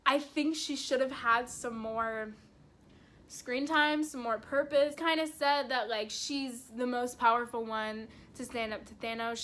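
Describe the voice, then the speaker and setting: A young woman chatting casually as a vlogger, an excitable fan who laughs often and swears freely. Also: fairly high pitch. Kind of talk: casual movie review chat.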